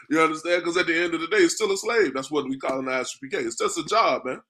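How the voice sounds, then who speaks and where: A man on the higher side of the pitch range, talking quickly in a bright, forceful tone, teaches a street-preaching class. His style is preacherly, full of rhetorical questions aimed at the listeners, whom he keeps calling "man," along with frequent chuckles.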